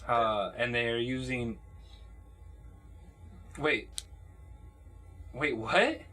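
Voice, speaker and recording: Bright-voiced casual podcast host, a man. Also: medium pitch, extremely slow, soft background music. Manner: loose, swearing, rambling with many fillers.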